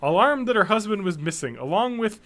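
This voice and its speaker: Sardonic high-voiced man hosting a podcast. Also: lively intonation, a little fast, a bit bright. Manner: sardonic, reads news stories aloud with jokes. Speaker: podcast co-host. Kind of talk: casual podcast chat.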